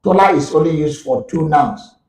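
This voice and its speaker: A university lecturer with a Nigerian accent gives a live online lecture on English grammar, explaining slowly, methodically, and repetitively. His voice is fairly high and darkish, picked up off-mic and a little distant in an echoey room.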